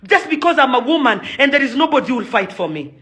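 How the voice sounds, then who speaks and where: Fast, high-pitched and fairly bright, her voice swings widely in pitch. She's a young Kenyan events promoter and celebrity ranting angrily to camera, by turns accusing and pleading, mixing Swahili phrases into English.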